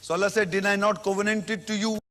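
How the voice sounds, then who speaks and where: A man giving a religious lecture, reciting Arabic verses and then explaining them slowly with repetition, recorded in an old 1990s hall. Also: sits high, steady tone, a bit bright. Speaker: Islamic lecturer.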